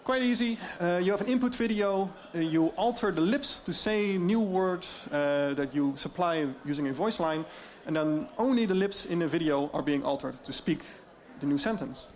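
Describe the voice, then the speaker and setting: A Dutch-accented man giving a conference talk, his voice sitting a bit high. He explains in a lively, loose way, dropping frequent fillers along the way. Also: normal speed. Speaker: speaker on AI deepfakes.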